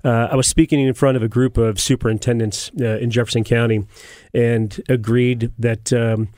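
Measured, hesitant sheriff with a flat voice. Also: male voice, medium pitch, no echo, clean studio sound. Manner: measured, hesitant with many fillers. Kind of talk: radio talk show guest.

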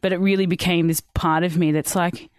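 A woman's voice: on the low side, steady tone, fairly quick, dry recording, clean studio sound. Chatty woman podcast co-host. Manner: emphatic, storytelling, frequent fillers. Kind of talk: casual chat.

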